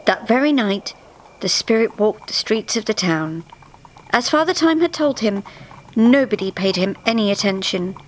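A woman's voice: mid-range voice, animated, moderate pace, a little hiss or hum, rough recording. Woman storyteller reading live on stage.

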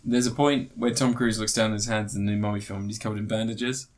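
A man's voice: on the low side, fairly even intonation, fast talker. A man hosting a podcast, tired and yawning, rambling through a film review with lots of fillers, restarts and swearing. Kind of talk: casual chat.

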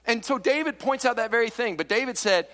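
A male pastor preaching a sermon in a church sanctuary, swinging from hushed asides to fervent near-shouts. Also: very high voice, brisk. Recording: long reverb of a large church hall.

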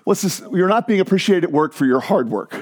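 High-voiced, lively man preaching. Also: fairly quick. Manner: animated, joking, asks the crowd questions. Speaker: pastor. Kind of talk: sermon. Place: church hall before a crowd.

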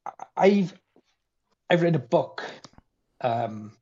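A man's voice: a little high, sing-song, takes it slowly, warm tone, slightly rough. A man, a podcast guest chatting about a film and animatedly acting out its lines. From Wales. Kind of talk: casual film chat. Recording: dull lo-fi sound.

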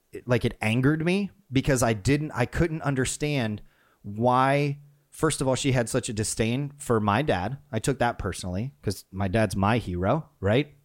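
A man casually telling a personal story about leadership, with frequent restarts and acted-out quotes. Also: mid-range voice. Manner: conversational, animated retelling with many restarts.

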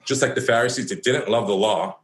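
Young male pastor, lively casual sermon delivery, roomy church acoustics. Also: lowish voice, a little fast. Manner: animated, self-mocking, conversational preaching with many asides. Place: church hall. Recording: echoey room.

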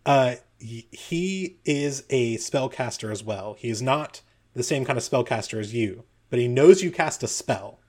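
A man's voice: medium pitch, animated, measured pace, darkish tone. A man narrating a tabletop game as game master, loose and rambling, with many fillers.

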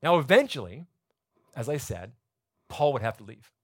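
A man preaching a sermon to his church congregation, explaining scripture in a lively, conversational teaching manner. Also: mid-range voice, moderate pace, breathy edge. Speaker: pastor. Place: church sanctuary.

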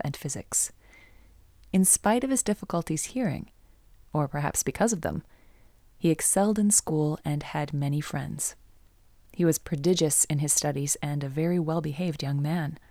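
A woman narrates a scripted story in a low, mellow voice. She speaks in a slow, solemn manner. The sound is dry and close to the mic. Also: dry recording.

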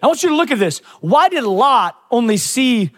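Male pastor, high voice, energetic sermon delivery, long hall reverb. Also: moderate pace. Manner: energetic preaching with personal stories and quoted prayers. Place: church sanctuary.

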